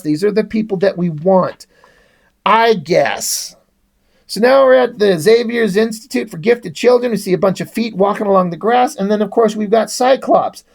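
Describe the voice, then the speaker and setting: A man's voice: sits high, gravelly. A man giving a casual, rambling comic book review in a sarcastic tone, swearing often.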